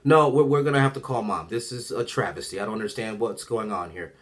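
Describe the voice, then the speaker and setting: A man acting out a stiff, hesitant school principal full of pauses. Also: on the low side, voice pushed down, close to an everyday voice. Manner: halting, full of uh.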